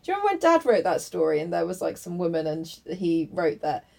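A woman's voice: fairly low pitch, sing-song, creaky, dark tone. A woman co-hosting a casual chat, teasing and joking with lots of giggles. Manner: giggly, teasing, quick jokes. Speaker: podcast co-host.

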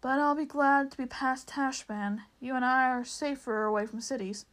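A woman's voice: sits high, steady tone, moderate pace, fairly bright tone. A woman voicing a proud, slightly anxious male talking horse in a storybook reading, with formal, old-fashioned phrasing. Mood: confident.

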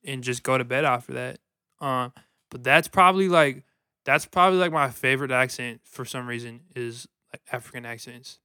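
Bright, crisp-voiced joking man. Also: mid-range voice, normal speed, dry recording, clean studio sound. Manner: crude, joking, laid-back with lots of fillers. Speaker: podcast co-host. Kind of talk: casual podcast banter.

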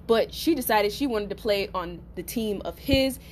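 A woman hosting a podcast, telling a personal story in a casual, profane, animated way and talking straight to her listeners. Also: medium pitch, normal speed, slight background noise. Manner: profane, animated, acts out quotes; addresses listeners as y'all. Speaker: podcast host.

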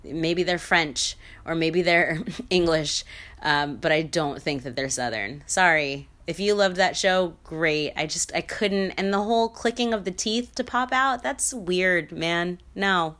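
A woman's voice: on the low side, measured pace, fairly bright tone. A woman hosting her own podcast in casual solo chat, blunt and chatty, laughing often and slipping into playful sing-song asides. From mixed heritage. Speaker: podcast host.

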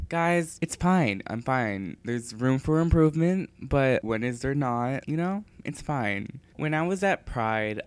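A man's voice: mid-range voice, clear, resonant tone. A teenage boy hosting a casual solo podcast, rambling and dramatic about himself. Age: teens. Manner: rambling, self-deprecating, dramatic. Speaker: podcast host.

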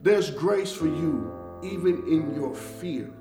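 A man's voice: a little high, expressive, slow pace, distant mic. Male preacher, fervent, repetitive exhortation, a bit off-mic, guitar bed behind. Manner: builds from soft, reflective talk to loud, fervent preaching with repetition. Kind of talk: online devotional sermon. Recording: echoey room, off-mic, guitar music behind. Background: soft guitar music.

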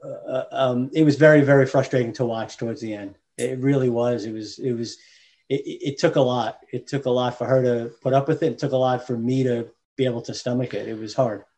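A man guesting on a podcast, speaking earnestly and haltingly, with many restarts. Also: medium pitch, steady tone, a little mellow. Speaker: podcast guest, teacher's spouse. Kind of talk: casual podcast chat.

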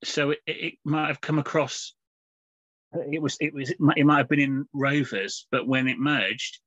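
A podcast co-host rambles through a casual comics review, full of fillers and restarts. His medium-pitched voice is fairly bright, moving at a normal pace with fairly even intonation. There's no echo, though the lo-fi podcast audio sounds dull.

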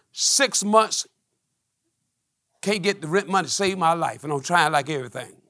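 A middle-aged man preaching a testimony sermon, telling stories with quoted dialogue and rising to shouts. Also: fairly high pitch, no echo, studio quality. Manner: call-and-response preaching, climbing to shouts.

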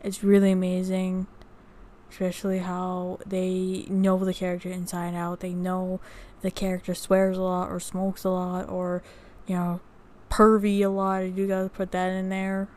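Her voice sits on the low side here, slightly mellow and monotone, as she talks casually to the camera about what she's looked into. Going slowly through her research notes, she wanders, restarts, and fills gaps with fillers.

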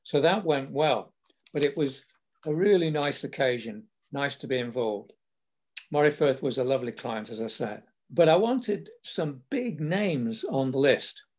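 With lively intonation and a measured pace, an older man from the south of England shares work-life anecdotes as a casual spoken memoir. His medium-pitched voice carries a slight mellowness, and he laughs softly now and then.

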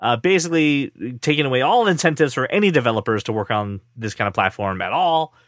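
A man's voice: medium pitch, lively intonation, fast, a bit bright, dry recording, clean studio sound. A man co-hosting a casual tech podcast, joking and playing mock-offended while he runs through news. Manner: playful, mock-offended banter. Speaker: podcast co-host.

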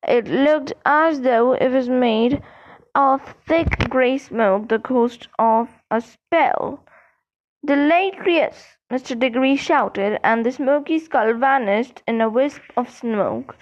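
A woman narrates an audiobook in a high, steady voice, taking her time over each sentence. The recording sounds dull and lo-fi. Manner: steady, measured storytelling.

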